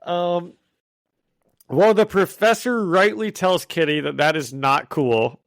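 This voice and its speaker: A man's voice: sits high, slow, creaky, fairly bright tone, no echo. Dry-sounding man recapping comics. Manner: laughs often while recapping the story. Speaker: podcast co-host. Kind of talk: casual comic-book podcast chat.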